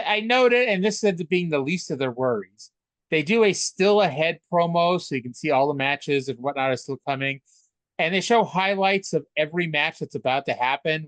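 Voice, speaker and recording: Dry-miked chatty man, slightly high. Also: dry recording. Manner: chatty, stammering restarts, swears casually. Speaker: podcast co-host. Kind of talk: casual wrestling recap chat.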